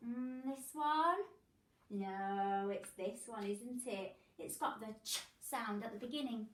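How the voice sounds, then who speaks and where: A woman with an English accent teaching a phonics lesson to young children, prompting slowly and drilling the sounds. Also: on the high side, distant mic, a little hiss or hum. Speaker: primary school teacher. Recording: echoey room, voice from off-mic.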